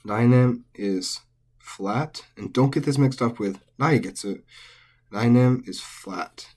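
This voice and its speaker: A man explaining Japanese pitch accent in a patient, methodical lesson, with frequent fillers. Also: expressive, takes it slowly, a little mellow, husky. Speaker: language teacher.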